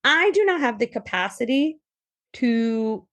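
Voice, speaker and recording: A woman in her thirties from New York with a New York accent, a guest in a casual interview, talking in animated bursts with quick restarts. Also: fairly high pitch. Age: 30s. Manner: animated, talks in bursts with restarts and quoted asides.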